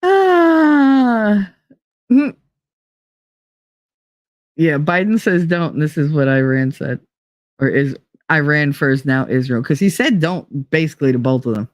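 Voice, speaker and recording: A host from the UK, chatting casually and reading out live comments, with animated, sarcastic asides. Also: medium pitch, moderate pace, long pauses, dry recording, clean studio sound. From United Kingdom. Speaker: livestream podcast host.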